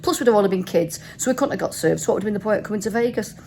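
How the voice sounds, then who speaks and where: A woman's voice: mid-range voice, racing, warm tone, slight background noise. A woman in her fifties, a travel vlogger, tipsy and telling stories animatedly in a hotel room, swearing freely. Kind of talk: casual storytelling vlog.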